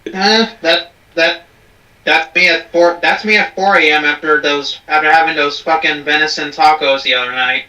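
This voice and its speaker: A man's voice: on the high side, steady tone, moderate pace, sharp tone, recorded from a distance. A man hosting a casual reaction chat, crude and profane, often restarting his sentences. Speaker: host. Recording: roomy, from off the mic.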